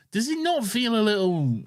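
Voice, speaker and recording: A man's voice: sits high, no room sound, clean studio sound. A man co-hosting a podcast, arguing his point in casual chat with lots of "like" and restarts. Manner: argumentative, grumbling, many fillers. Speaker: podcast co-host.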